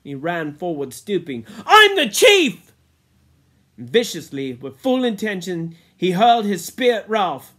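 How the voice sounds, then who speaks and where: A man reading a novel aloud in a measured way, sinking low and quiet at grim moments. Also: lively intonation, slightly rough. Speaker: reader.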